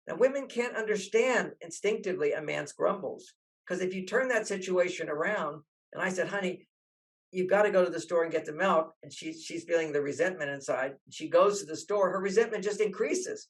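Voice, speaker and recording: A man's voice: high voice, moderate pace, poor audio. An older man, a relationship author, telling stories in an interview and acting out the voices he quotes. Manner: animated, acts out quoted voices. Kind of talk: storytelling interview talk.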